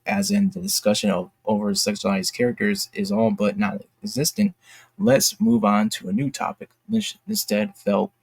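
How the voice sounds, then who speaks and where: A man with a gravelly, slightly husky voice reads a news article aloud and comments on it. He trips over words now and then and adds quick apologetic asides. The recording is dry and close, with no room sound. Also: lowish voice, no room sound. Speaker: YouTube commentator.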